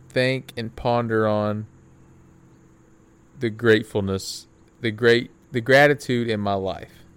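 A man's voice: medium pitch, clean tone. A young man hosting his own podcast from his back porch, chatting casually in a rambling, friendly way, full of fillers and self-corrections. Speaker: podcast host. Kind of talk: casual solo podcast talk.

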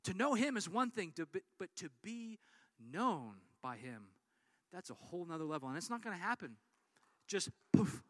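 A man delivers a sermon from the pulpit with a high, bright voice. He preaches in an animated way, acting out the people in his stories. The sound is dry and close. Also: normal speed, no echo. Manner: animated storytelling with acted-out quotes. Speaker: pastor.

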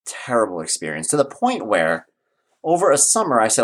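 Low-voiced man telling a wry story. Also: wildly swooping pitch, fairly quick, a bit bright. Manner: storytelling, wry and emphatic, repeats phrases. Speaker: parenting blogger. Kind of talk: casual vlog monologue.

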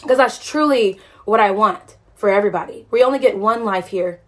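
A woman's voice: medium pitch, normal speed. A woman network marketer speaking live to her followers on a phone, passionate and emphatic, asking one rhetorical question after another. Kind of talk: emotional livestream rant.

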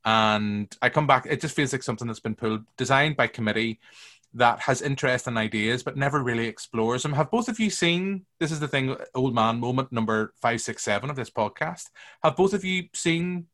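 A man's voice: mid-range voice, expressive, fairly quick, a bit bright. A man hosting a casual film review podcast, teasing his guests and rambling through long opinions. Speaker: podcast host.

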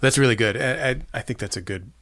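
A man's voice: medium pitch, fast, a bit bright, no echo. A man hosting a podcast, affirming his co-host and wrapping up the episode. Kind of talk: casual podcast talk.

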